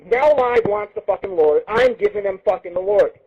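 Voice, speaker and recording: A man's voice: high-pitched, normal speed, slightly rough, phone-quality sound. A man hosting his own internet radio show, ranting crudely and boasting in a taunting, profane monologue. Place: Las Vegas.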